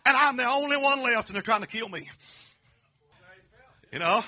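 A man preaching a fervent holiness sermon in folksy dialect, swinging from hushed asides to shouts. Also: high voice, expressive, a little fast, pauses often.

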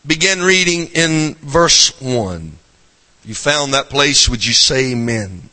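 A man's voice: medium pitch, animated, takes it slowly, sharp tone, big-room sound. A man with a Southern accent from South Carolina, preaching a folksy revival sermon to a congregation and dropping in frequent amens.

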